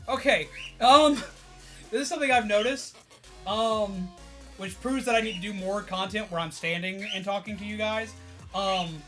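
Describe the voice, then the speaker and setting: A high, bright male voice chatting away to his stream audience. He is excitable and a bit tired, swears freely and breaks into laughs as he rambles. Faint music hums behind him. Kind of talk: casual chat to viewers.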